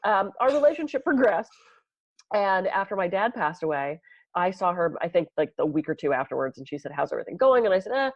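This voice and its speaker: A woman's voice: on the low side, very animated, fairly quick, no room sound, lo-fi sound. A woman co-hosting a podcast in casual chat, telling stories animatedly and acting out the people she quotes. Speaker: podcast co-host, massage therapist.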